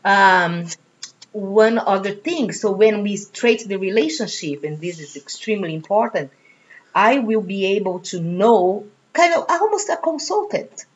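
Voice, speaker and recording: A woman's voice: mid-range voice, lively intonation, a little slow. A middle-aged woman from Brazil with a Brazilian Portuguese accent, talking chattily in an interview with self-deprecating humor. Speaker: franchise business owner. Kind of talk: casual interview. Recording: dull lo-fi sound.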